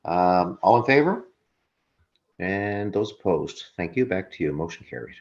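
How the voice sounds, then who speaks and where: A man, the mayor, chairing a council meeting with brisk procedural calls for motions and votes. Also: deep voice, expressive, creaky, darkish tone. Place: council chamber. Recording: dull lo-fi sound.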